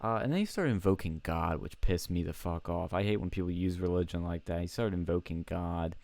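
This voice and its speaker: A young man at home tells a story in a casual, animated way. He swears freely and often restarts his sentences. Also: low voice, brisk, vocal fry. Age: young adult. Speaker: college student telling a story on a show.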